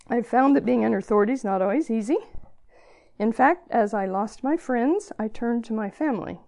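A woman's voice: a little high, lively intonation, normal speed, creaky, long pauses, mellow. A woman in her fifties giving an earnest, encouraging devotional talk to young women. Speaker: speaker at a girls' gathering.

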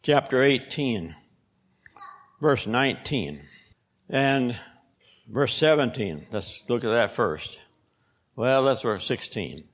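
A man's voice: mid-range voice, expressive, slow pace, pauses often. An older man preaching a sermon and reading scripture aloud, earnest and repeating phrases for emphasis.

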